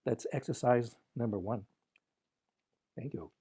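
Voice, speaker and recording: Man leading gentle playful exercises. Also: medium pitch, unhurried, husky. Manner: playful, joking, gently guiding. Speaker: conference speaker. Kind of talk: relaxed talk with exercises.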